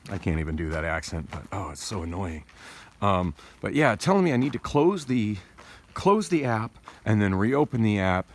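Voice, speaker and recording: The man speaking has a fairly low voice that swings widely in pitch, and his pace is moderate. He's a vlogger recording a casual, rambling monologue on his phone camera, talking through tooth pain with frequent restarts and digressions.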